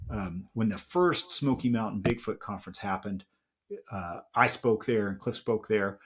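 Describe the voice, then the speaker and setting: Podcast guest, middle-aged man, husky and low, reflective and heartfelt in his storytelling. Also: normal speed. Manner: reflective and heartfelt, with many fillers. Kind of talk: casual storytelling chat.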